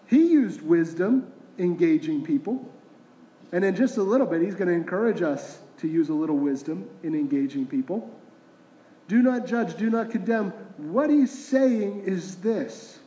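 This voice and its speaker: Man, pastor, high voice, conversational sermon, rhetorical questions, roomy echo. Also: mellow, slight background noise. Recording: roomy echoing hall.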